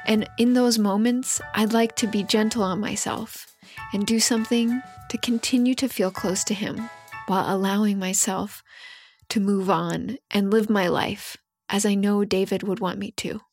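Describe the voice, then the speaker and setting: A woman podcast host reading a listener's letter aloud in an earnest, steady way. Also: mid-range voice, moderate pace. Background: faint music.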